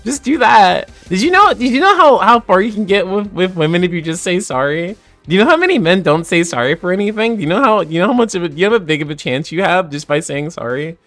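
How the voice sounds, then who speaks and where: A woman's voice: lowish voice, sing-song, fast talker, hardly any pauses, fairly bright tone, no echo, faint music behind. A woman from New Jersey with a New Jersey accent, a little tipsy, chatting casually on a livestream, laughing often and swearing freely.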